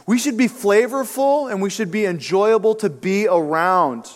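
A pastor preaching a sermon in a conversational, emphatic style with casual asides. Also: male voice, high voice, moderate pace, few pauses. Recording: long reverb of a church hall.

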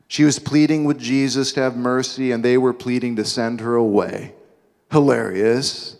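A man's voice: mid-range voice, fairly even intonation, fairly quick, a little mellow. A male preacher telling a Bible story dramatically, with asides, in a large sanctuary. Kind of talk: sermon. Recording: long hall reverb.

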